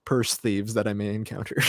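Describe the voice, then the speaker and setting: A man's voice: lowish voice, darkish tone, dry recording. A man co-hosting a casual live stream chat, joking and laughing often while quoting others in put-on voices. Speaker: co-host.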